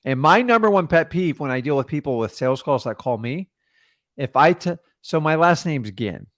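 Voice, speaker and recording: A man coaching a caller in a casual, blunt way, acting out phone calls with quick changes of voice. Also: on the high side, lively intonation, a bit bright, dry recording, clean studio sound. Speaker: real estate investor coaching a caller.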